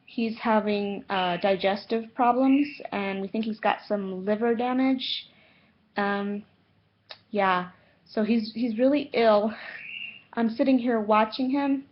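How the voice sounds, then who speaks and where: Woman, spiritual vlogger, slow and halting with lots of fillers; lo-fi home recording. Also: mid-range voice, a little hiss or hum. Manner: halting, many fillers and self-corrections; slow and unhurried. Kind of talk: casual talk to camera. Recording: dull lo-fi home video sound.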